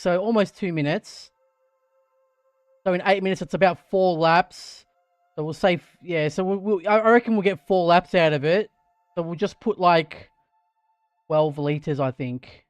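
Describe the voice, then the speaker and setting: An Australian man chatting on a live stream while sim racing, thinking out loud and getting excited. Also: high voice, clear, resonant tone, no echo, clean studio sound. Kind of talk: live-stream gaming chat. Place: home sim racing rig.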